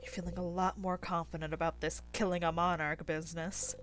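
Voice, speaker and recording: A woman's voice: on the low side, little pitch movement, brisk, fairly bright tone, slight background noise. A woman casually commenting on a game as she plays and reads its text aloud, rambling and poking fun at herself. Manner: rambling, self-deprecating, playful. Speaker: let's player.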